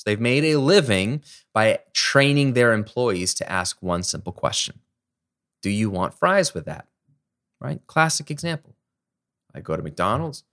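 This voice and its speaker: A middle-aged man from the United States hosting a solo podcast, explaining ideas in a lively, conversational way with everyday examples. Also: mid-range voice. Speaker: podcast host. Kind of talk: casual solo podcast teaching.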